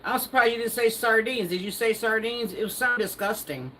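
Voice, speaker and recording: A woman's voice: a little high, brisk, fairly bright tone, slight background noise, low-quality recording. Playful woman host chatting with live viewers. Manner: playful, teasing, laughs often. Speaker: livestream host. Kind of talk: casual live chat reading viewer comments.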